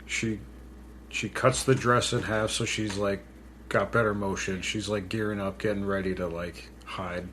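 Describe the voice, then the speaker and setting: A man's voice: fairly low pitch, flat delivery, measured pace, a bit bright, a little hiss or hum. A man co-hosting a casual podcast from home, joking and self-deprecating as he talks through a movie. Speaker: podcast co-host. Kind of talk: casual chat. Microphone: pink studio mic.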